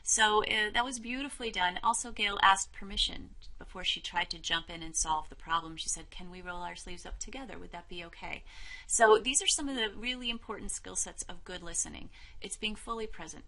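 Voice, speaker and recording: A woman instructor calmly explaining a listening lesson in a measured, encouraging way. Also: medium pitch, poor audio. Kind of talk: explaining a role-play lesson to camera.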